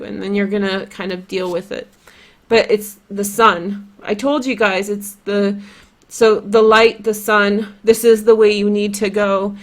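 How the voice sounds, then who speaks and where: A woman's voice: mid-range voice, steady tone, a little slow. A woman with a Polish accent giving a casual, chatty tarot reading, rambling with lots of "like" and "you know". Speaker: tarot reader.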